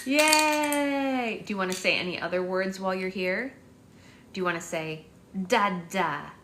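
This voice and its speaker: A woman's voice: fairly low pitch, steady tone, normal speed, noisy background. A young woman hosting a casual live stream at home, rambling to her viewers and slipping into sing-song baby talk with her daughter. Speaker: live-stream host and mother.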